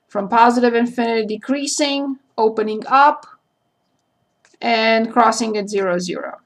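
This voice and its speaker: A woman math teacher giving a recorded calculus lecture, slowly spelling out each point and step as she works through a graph. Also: on the high side, steady tone.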